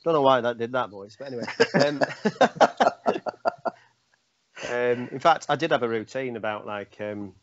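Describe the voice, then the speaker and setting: Self-mocking British comedian, dull lo-fi audio. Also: male voice, medium pitch, normal speed, pauses often, no echo. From United Kingdom. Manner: rambling, self-mocking, jokey. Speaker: comedian guest. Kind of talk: casual podcast chat.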